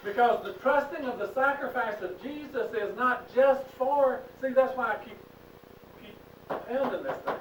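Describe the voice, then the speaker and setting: In a church classroom, a man with a very high voice teaches a Bible class at a moderate pace, preaching emphatically and asking the class questions. The distant mic in the echoey room picks up a little hiss or hum.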